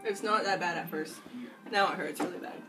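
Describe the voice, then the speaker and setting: A woman's voice: on the low side, a little fast, over music. A young woman, the daughter, chatting casually on a family video in a teasing, breathless way, laughing through tears.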